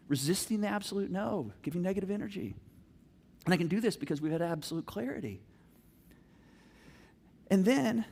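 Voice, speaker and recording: A middle-aged man preaching a sermon as pastor, telling family stories and acting out the scenes with animated energy. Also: high voice, vocal fry, husky.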